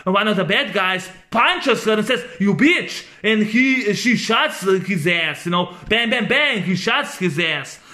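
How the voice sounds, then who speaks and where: Rambling man with a bright voice. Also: high-pitched. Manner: rambling, halting, many fillers and restarts. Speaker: movie reviewer. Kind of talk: casual spoken film review.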